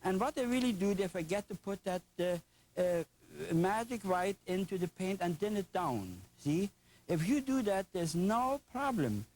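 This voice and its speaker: A man's voice: sits high, lively intonation, measured pace, darkish tone, a little hiss or hum, low-quality recording. Chatty older German-accented man teaching painting. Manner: enthusiastic, folksy, chatty with playful asides. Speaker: painting instructor. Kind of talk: painting lesson on TV.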